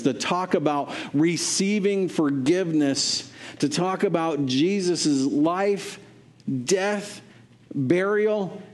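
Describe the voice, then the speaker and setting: A man's voice: medium pitch, darkish tone. A man preaching a sermon as pastor, earnest and exhorting, repeating phrases for emphasis.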